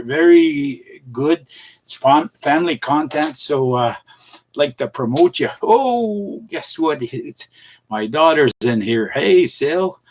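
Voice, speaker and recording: A middle-aged man hosts a casual livestream, greeting his viewers as he rambles and chuckles between halting restarts. He speaks in a mid-range voice.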